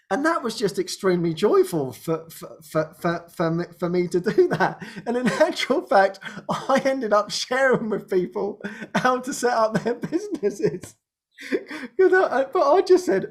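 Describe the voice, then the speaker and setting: A man's voice: sits high, sing-song, normal speed. A man hosting a spiritual talk show, telling a personal story in a casual way. He laughs often and acts out the people he quotes.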